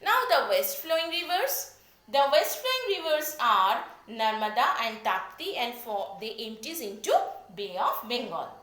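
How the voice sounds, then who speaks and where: Brief: high, lively Indian woman teacher, dictating a lecture in an echoey room. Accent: Indian English. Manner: repeats key points slowly, spells words out. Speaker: geography teacher. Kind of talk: classroom lecture.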